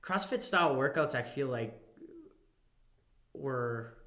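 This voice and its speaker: A man talks in a casual podcast chat, an animated storyteller who swears freely. His voice is bright and forceful, and the room around him is echoey. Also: medium pitch, slow. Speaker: podcast guest, personal trainer.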